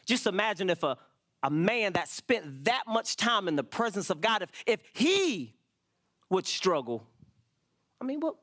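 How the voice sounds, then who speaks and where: Lively high-voiced male preacher. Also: unhurried. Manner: animated preaching, reading scripture aloud, acting out people's worried prayers. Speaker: pastor. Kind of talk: sermon. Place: church.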